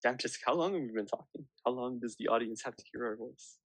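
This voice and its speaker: A man's voice: medium pitch, fast, husky, dry recording. Guy cohosting a chill podcast, sarcastic jokey comments, dry close sound. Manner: joking, sarcastic asides. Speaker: podcast co-host. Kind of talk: casual chat.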